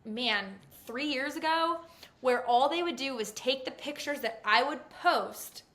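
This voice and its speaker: Young woman guest, bright, excitable, chatty racing reporter. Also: high voice. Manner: excitable, fast-talking storyteller. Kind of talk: casual chat.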